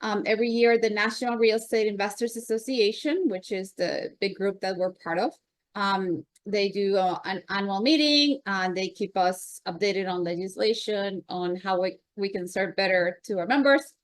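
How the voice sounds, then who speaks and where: A woman's voice: medium pitch, moderate pace, no room sound. Colombian-accented woman presenting to an audience. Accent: Colombian Spanish. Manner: warm, welcoming, with many ums. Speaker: event host, vice president of investor group.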